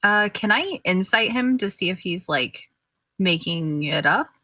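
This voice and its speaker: A woman's voice: medium pitch, lively intonation, measured pace, sharp tone, no echo. A woman playing a tabletop game, speaking in a tentative, thoughtful way. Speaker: player.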